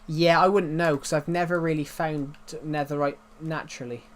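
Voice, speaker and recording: A man's voice: a little high, fairly even intonation, moderate pace, a little hiss or hum. Rambling man streaming a game. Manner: rambling, talks to himself and chat while playing. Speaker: gaming livestreamer. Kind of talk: live gaming stream commentary.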